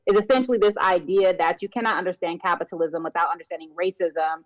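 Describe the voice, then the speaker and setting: A female academic guest answering interview questions from her home in a measured, explanatory way. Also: on the low side, fairly even intonation, dry recording, rough recording.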